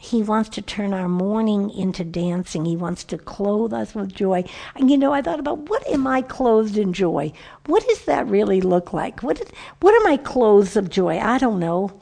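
Gravelly-voiced woman teaching the Bible. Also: mid-range voice, normal speed. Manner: lively, animated storytelling with frequent self-corrections.

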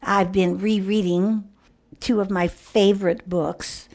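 A woman's voice: mid-range voice, steady tone, slow, darkish tone. Earnest older woman giving a devotional talk. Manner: earnest, reflective, drops to a near whisper on key words. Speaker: Christian speaker.

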